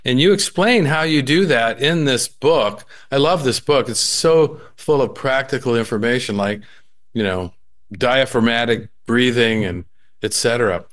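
A man interviewing an author, asking measured questions. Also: medium pitch, fairly bright tone.

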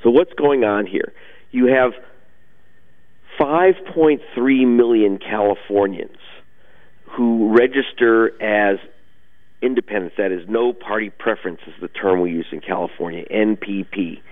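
A man with a fairly low voice comes through a thin, tinny phone line. He explains things emphatically and at length, as a guest on a radio interview. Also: unhurried. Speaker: journalist guest.

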